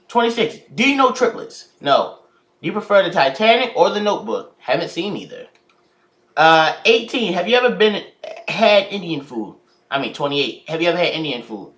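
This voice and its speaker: Animated teenage guy, higher voice. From United States. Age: teens. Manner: reads each question aloud, then answers with frequent hesitations. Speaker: YouTuber. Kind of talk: casual question-and-answer vlog.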